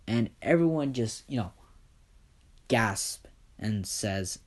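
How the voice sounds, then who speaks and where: A man's voice: fairly low pitch, expressive, slow, pauses often. A man casually telling a fan-fiction story, rambling with lots of fillers.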